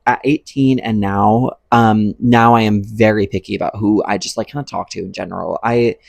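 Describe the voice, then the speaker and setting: A man's voice: on the low side, steady tone, moderate pace, gravelly, dry recording. A young adult man vlogging a casual storytime, rambling and profane, full of "like" and "um".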